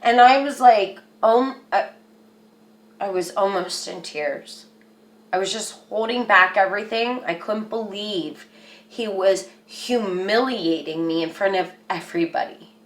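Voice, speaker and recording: A woman's voice: medium pitch, takes it slowly. A woman telling a personal story to camera in a rambling, earnest way, with lots of "like.". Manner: rambling, earnest, says "like" a lot. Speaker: vlogger. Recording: echoey room.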